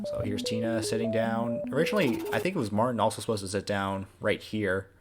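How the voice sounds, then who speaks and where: A man, the creator of an animated series, giving a casual, rambling director's commentary with many fillers. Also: on the low side, brisk, loud music behind the voice.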